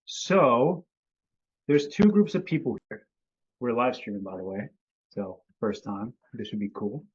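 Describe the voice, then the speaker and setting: An easygoing man hosts a live-stream lesson over a video call. His voice sits at a medium pitch and he greets people by name. The call audio sounds slightly dull and lo-fi. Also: a little slow, husky. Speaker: host and company CEO. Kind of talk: casual live-stream teaching.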